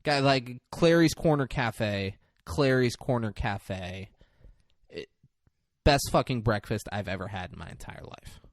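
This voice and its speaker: A young man in his twenties or so hosts a casual podcast, talking in a loose, joking way and swearing often. His voice sits at an ordinary middle pitch for a man. It is recorded close and dry. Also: a little slow, dry recording. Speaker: podcast host.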